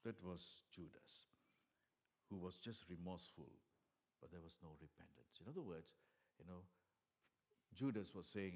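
A man delivers a sermon in a somewhat low voice. He talks earnestly, stumbling over restarts and fillers, then swells loudly on the words he wants to stress. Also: normal speed, pauses often. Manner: earnest, many fillers and restarts, swings from soft to loud emphasis. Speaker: preacher.

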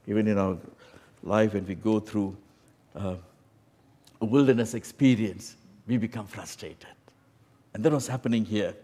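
Man preaching in a reverberant hall. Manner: swings from raised, emphatic lines to low, quiet asides; repeats "you know" and "my friend" often. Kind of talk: sermon.

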